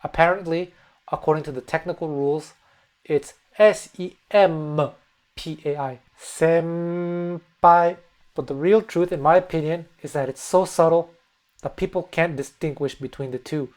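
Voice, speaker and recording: Relaxed man teaching pronunciation. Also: a little high. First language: English. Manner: relaxed, demonstrates words slowly with repetition. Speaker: language teacher. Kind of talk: casual spoken lesson. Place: Fukuoka, Japan.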